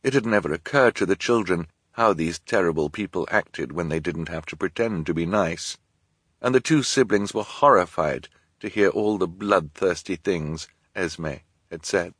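A man narrating an audiobook in a dry, measured storytelling manner. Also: sits low, a bit bright, husky, dry recording.

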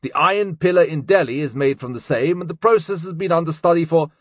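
A man's voice: fairly high pitch, quick pace, slightly rough, no room sound, studio quality, voice pushed up. A man voicing an eager, bookish young male student in an audiobook, earnest in manner. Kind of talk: audiobook character voice.

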